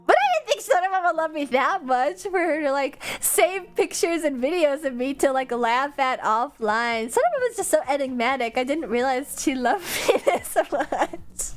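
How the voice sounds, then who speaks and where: Animated high-voiced young woman streamer. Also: normal speed, few pauses. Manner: animated, laughing, swooping pitch, many fillers. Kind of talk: casual stream chat. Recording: faint music behind.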